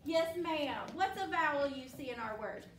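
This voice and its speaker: A woman's voice: high-pitched, animated, moderate pace, a bit bright, a little hiss or hum. Female classroom teacher, encouraging and patient, recorded far off in a roomy space. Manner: patient, encouraging, call-and-response questioning. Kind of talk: classroom phonics lesson.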